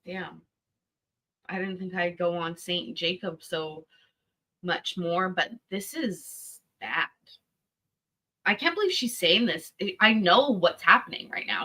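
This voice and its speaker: A woman's voice: fairly low pitch, expressive, takes it slowly, bright, forceful tone. A woman commenting on a court clip, talking bluntly and with profanity. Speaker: commentator reacting to court testimony. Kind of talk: reaction commentary.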